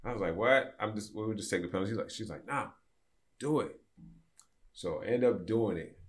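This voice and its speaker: A man's voice: on the low side, quick pace. A man in his fifties telling a long story as a podcast guest, acting out the voices of the people in it. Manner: animated storyteller, acts out quoted voices. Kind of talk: casual storytelling.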